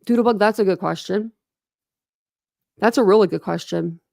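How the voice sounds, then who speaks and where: A woman's voice: medium pitch, moderate pace, vocal fry, warm tone, no room sound, clean studio sound. A woman hosting a true crime channel, chatting casually with viewers on a livestream, rambling with lots of "like" and answering comments as she goes. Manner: rambling, heavy use of "like".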